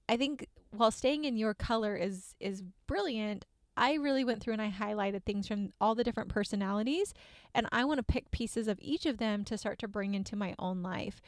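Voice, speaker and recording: A woman hosting a podcast in casual chat, animated and laughing often, acting out what others say. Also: mid-range voice, normal speed, dry recording. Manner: animated, laughs often, acts out quoted voices. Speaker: podcast host.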